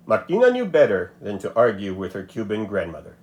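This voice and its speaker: A man narrating a children's storybook aloud with a playful, expressive delivery. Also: fairly low pitch, a little fast, hardly any pauses.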